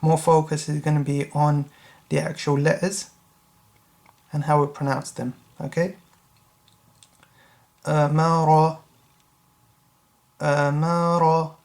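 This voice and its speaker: A man teaching beginner Quran reading. He spells out Arabic letters, recites each word slowly and carefully, and checks in with the learner. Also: fairly high pitch, vocal fry, a little mellow. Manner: checks in with the learner with a frequent "yeah?". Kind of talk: slow tutorial recitation lesson.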